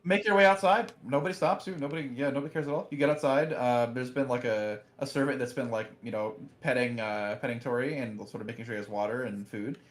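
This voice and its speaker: A man's voice: mid-range voice, fairly even intonation, quick pace, few pauses, roomy sound. A man narrating as game master in a tabletop game, casual and swearing.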